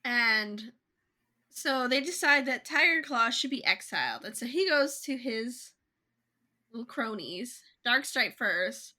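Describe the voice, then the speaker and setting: A young woman co-hosting a casual book podcast, retelling a story in a chatty way with quick voiced asides. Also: on the high side, animated, bright, forceful tone. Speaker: podcast co-host.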